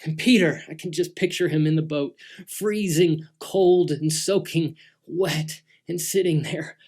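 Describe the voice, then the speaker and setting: Give me a woman slowly telling a Bible story for kids, dramatic and expressive. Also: low-pitched, breathy edge. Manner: dramatic, swinging between loud and hushed. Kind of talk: animated storytelling for children. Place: church.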